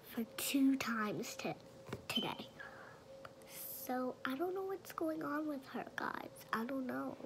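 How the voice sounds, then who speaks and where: A woman vlogger talking in a whisper, halting and restarting her sentences often. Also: sits high, animated, noisy background. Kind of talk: whispered vlog.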